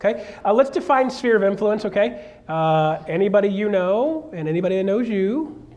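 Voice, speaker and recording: A man's voice: sits high, animated, moderate pace, a little mellow, highs cut off. A middle-aged man coaching a live seminar, joking and acting out the voices of clients as he goes. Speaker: real estate coach.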